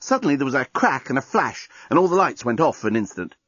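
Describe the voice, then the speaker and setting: Male audiobook narrator, husky, very animated pitch, dull dry sound. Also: fast talker, dry recording. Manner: lively comic storytelling. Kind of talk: scripted narration.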